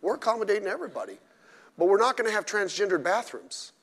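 A man's voice: sits high, very animated, fast talker, a bit bright. A male pastor preaching a sermon at a midweek service, blunt and emphatic with mocking asides. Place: church during a midweek service. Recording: echoey church hall.

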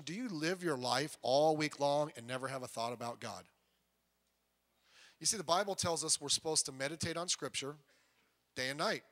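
A man preaches a sermon in a high, bright voice that rings out. He shifts between booming emphasis and quiet asides. His voice carries through the long reverb of a church hall. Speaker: pastor.

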